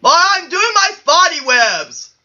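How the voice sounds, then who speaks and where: A woman's voice: extremely high pitch, sing-song, slow pace, bright, forceful tone, highs cut off, exaggerated voice. A woman voicing a cheerful, boastful male superhero bachelor. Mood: eager.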